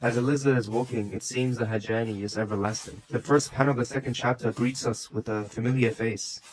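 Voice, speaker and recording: A man's voice: mid-range voice, steady tone, a little fast, crowd noise. A young adult man reading out a comic dub in a casual way, cutting in with swearing, joking asides. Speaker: comic narrator.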